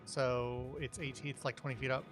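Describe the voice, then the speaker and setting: A man playing in a tabletop game who thinks out loud hesitantly, full of likes and ums. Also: mid-range voice, little pitch movement, fairly quick, soft background music. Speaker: player. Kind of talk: casual tabletop game play.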